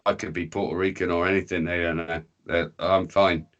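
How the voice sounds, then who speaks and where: A man's voice: low-pitched, little pitch movement, a little fast, a bit bright, dull audio. English guy, casual podcast storyteller, sweary, mimics the people in his tales. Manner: rambling, sweary, slips into voices for characters. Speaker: podcast guest.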